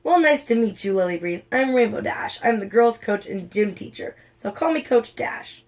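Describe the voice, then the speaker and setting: A woman voicing a brisk, energetic female gym coach who talks in an upbeat way. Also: a little high, lightly acted.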